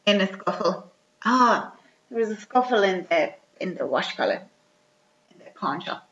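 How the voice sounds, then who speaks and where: Girl chatting away about a movie, bright voice, roomy muffled sound. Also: medium pitch, normal speed. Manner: chatty, lively retelling full of "like" and quoted lines. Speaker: podcast co-host. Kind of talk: casual chat recapping a film. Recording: echoey room, slightly dull sound.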